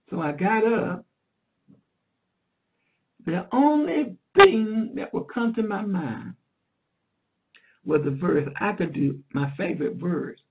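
A woman evangelist teaching a sermon in an earnest, repetitive way, warmly calling her listener "dear heart". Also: lowish voice. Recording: tinny phone line.

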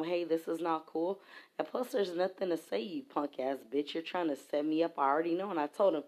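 A woman's voice: deep voice, darkish tone. A woman venting in an angry, profanity-laced rant to camera, heated and emphatic. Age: adult. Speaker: vlogger.

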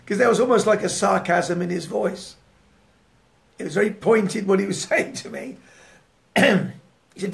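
Male preacher, high and gravelly, fervent and often laughing. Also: normal speed, long pauses. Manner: fervent, swinging between loud declarations and hushed prayer; laughs often while telling a story. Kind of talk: sermon with prayer and testimony.

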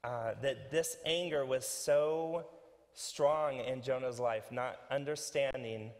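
A pastor giving a conversational, animated sermon with many fillers and restarts. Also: male voice, medium pitch, takes it slowly, big-room sound. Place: church sanctuary.

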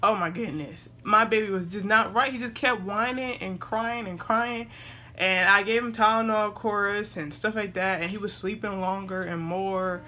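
A young woman chats casually to camera while vlogging at home, now and then stopping to talk to her baby. Her medium-pitched voice moves at normal speed with a bright, forceful tone, over slight background noise.

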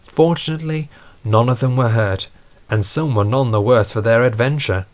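A man's voice: mid-range voice, moderate pace. Man narrating an audio storybook. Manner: steady, dramatic storytelling.

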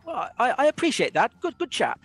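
A man's voice: very high-pitched, big pitch swings, fairly quick, a bit bright, soft background music, pitched above the performer's own voice, exaggerated voice. A man doing a prim, posh British ghost boy. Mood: polite. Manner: prim, over-polite.

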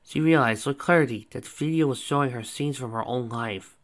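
A man reading fan fiction aloud as narrator, in a steady, plain way. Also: mid-range voice, brisk.

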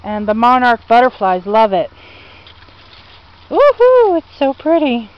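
A woman's voice: fairly high pitch, normal speed, highs cut off. A woman giving a casual tour of her outdoor garden, chatting to viewers and gushing over her plants as she wanders. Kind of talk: casual meandering garden walk-through.

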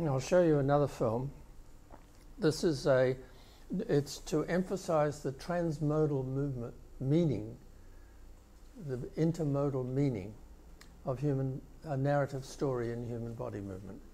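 Older man giving a mellow keynote lecture. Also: medium pitch, unhurried. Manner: explanatory, walks listeners through clips step by step. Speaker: keynote speaker. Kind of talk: conference lecture.

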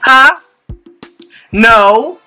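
A woman hosting a casual reaction video, loud and animated, laughing and cursing as she comments. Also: a little high, extremely slow, soft background music, low-quality recording.

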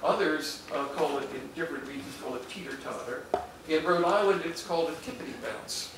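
An older man, a historian, lectures to a room of listeners, stopping and restarting his sentences with many fillers. His voice sits slightly high for a man. He is picked up from far off in an echoey hall, with clear background hiss. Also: a little fast. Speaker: historian giving a public talk. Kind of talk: public lecture with audience questions. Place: hall with an audience. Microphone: far room microphone. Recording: echoey hall, distant mic, noisy.

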